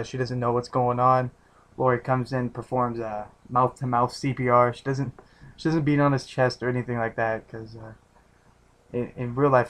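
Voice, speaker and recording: A man giving a casual, rambling recap of a TV episode, restarting his sentences often and swearing freely. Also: medium pitch. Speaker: TV episode reviewer.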